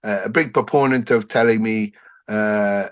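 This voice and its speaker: A man, a podcast guest telling stories in an animated, profane way. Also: on the low side, a little slow. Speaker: guest musician. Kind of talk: casual podcast conversation.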